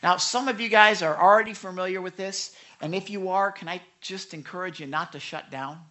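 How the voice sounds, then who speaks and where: A pastor preaching a conversational, animated sermon with frequent asides and self-corrections. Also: mid-range voice, brisk, hardly any pauses.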